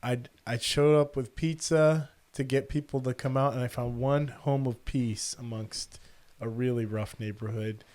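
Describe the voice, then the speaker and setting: Middle-aged man, podcast host, casual storytelling, animated. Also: medium pitch, a little slow, few pauses. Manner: animated, quotes people in the story.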